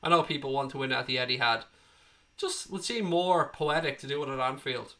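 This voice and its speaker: A man's voice: mid-range voice, a little fast, sharp tone. A man hosting a live fan stream, reading viewer comments, passionate and ranting, swearing freely, with a slight tickly cough. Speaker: fan channel host.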